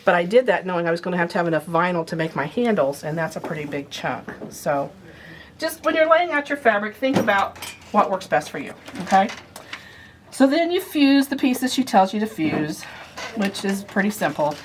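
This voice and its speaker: A woman's voice: medium pitch, very animated, normal speed, a little hiss or hum. A woman giving a casual sewing demonstration, chatting as she explains each step while she handles the materials. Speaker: sewing instructor.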